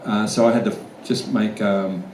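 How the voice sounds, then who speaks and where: A low, steady voice at a moderate pace belongs to an Australian guest actor from the outback, telling blunt, sweary stories and laughing often during a fan convention Q&A. The mic is far away, so the large hall sounds echoey, with faint room noise.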